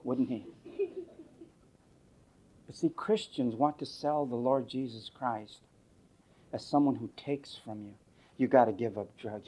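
A male pastor preaching a sermon in a sarcastic, mocking storytelling manner, swinging from loud outbursts to low asides. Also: breathy edge.

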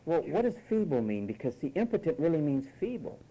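A man's voice: on the high side, big pitch swings, a little fast, muffled recording. A man preaching a sermon, emphatic and mocking, at times imitating whiny voices.

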